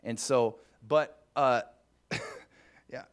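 A man's voice: medium pitch, fairly even intonation, extremely slow, clean tone. A man preaching a conversational sermon, musing aloud with asides to the congregation. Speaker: pastor.

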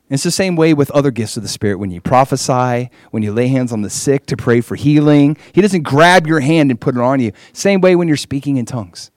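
Earnest guy preaching and leading prayer, chatty, middle pitch, dry sound. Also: lively intonation, a little fast, few pauses, no echo. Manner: earnest, conversational storytelling. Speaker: pastor. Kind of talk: sermon with guided prayer.

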